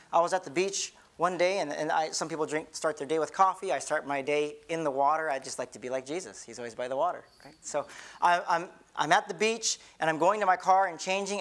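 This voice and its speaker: A man's voice: high voice, fairly bright tone. A middle-aged man, a pastor, giving an earnest, conversational sermon with many repeated restarts.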